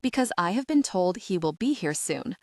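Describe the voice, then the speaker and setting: Woman reading huge male bodyguard, gruff, terse, unemotional, grunted words, audiobook. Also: lowish voice, sing-song, normal speed, no room sound, clean studio sound.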